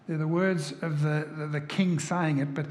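Man, preacher, sermon, fairly high voice, rhetorical questions, reverberant hall. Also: fairly even intonation, normal speed, darkish tone. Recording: echoey hall from far off.

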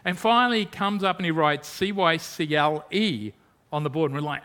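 Bright-voiced, emphatic male preacher. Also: high-pitched, lively intonation, moderate pace. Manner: emphatic, with rhetorical questions and swings from loud to hushed. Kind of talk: sermon.

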